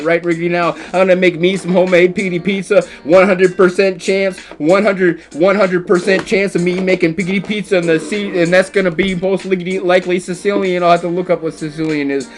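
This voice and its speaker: A man commentating a chess game as comedy, stuffing his lines with rhyming nonsense words and silly squeaky exclamations.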